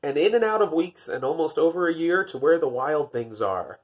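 A man's voice: on the high side, expressive, normal speed, slightly rough, lo-fi sound. A man reading a picture book aloud, breaking off for dry, wry, self-deprecating jokes between the pages. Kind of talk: storybook reading with joking asides.

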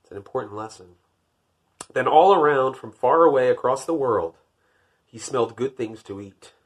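A man reading a picture book aloud, lifting his voice for the narration and dropping to wry, deadpan jokes in between. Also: normal speed, breathy edge. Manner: wry, deadpan joking asides; rises for narration, drops low for asides. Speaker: podcast host.

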